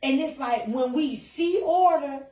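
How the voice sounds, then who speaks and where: A woman's voice: high-pitched, unhurried, mellow. A woman co-hosting a casual faith chat, affirming and echoing her co-host's words. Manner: affirming, echoes her co-host. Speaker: podcast co-host. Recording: roomy sound from a distance.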